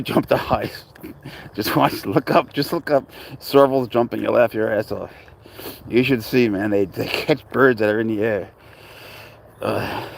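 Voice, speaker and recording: A man's voice: medium pitch, gravelly. A young man hosting a casual home livestream, rambling and joking, greeting viewers by name. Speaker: livestream host and serval cat owner. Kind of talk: casual livestream chat reading viewer comments. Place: home, indoors.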